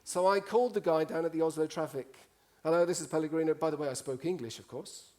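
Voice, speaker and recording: An Italian man speaking at a conference tells funny stories on stage before a live audience, animated and joking as he acts out voices. His voice is a little high and fast, with background noise present.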